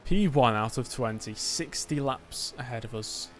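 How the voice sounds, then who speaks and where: A man's voice: mid-range voice, a little slow, soft background music. A man from England chatting casually while he streams a racing game, with joking asides. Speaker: gaming streamer. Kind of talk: casual gameplay commentary.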